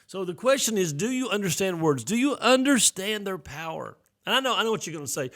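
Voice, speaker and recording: A man's voice: sits high, expressive, a little fast, few pauses, a bit bright. A middle-aged man, a pastor, preaching a live-streamed sermon in a conversational way, often repeating and restarting phrases as he speaks to viewers online.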